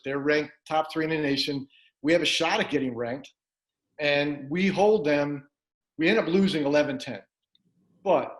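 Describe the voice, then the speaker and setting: A man in his sixties tells old team stories with energy, taking on his coach's voice as he goes. His voice sits a little high for a man. The room is echoey around him. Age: 60s. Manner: lively anecdotes, acts out his coach's lines. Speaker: former college lacrosse player. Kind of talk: animated storytelling among teammates. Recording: roomy echo.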